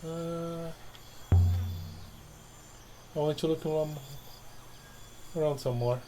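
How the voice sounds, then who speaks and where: A man's voice: on the high side, steady tone, takes it slowly. A man casually playing through a narrative game, reading dialogue choices aloud, repeating lines and adding wry asides. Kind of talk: casual let's-play commentary. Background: game music.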